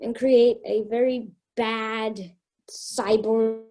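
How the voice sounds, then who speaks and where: A young woman with a soft, mellow voice builds a story slowly, pausing as she thinks it through. Her pitch sits a little high. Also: fairly even intonation, low-quality recording. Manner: hesitant, thinking aloud. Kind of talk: improvised round-robin storytelling.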